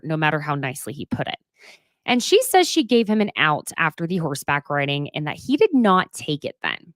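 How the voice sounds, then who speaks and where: A woman hosting a casual recap, talking in an animated, sarcastic and emphatic way. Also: low-pitched, no echo, studio quality. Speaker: host.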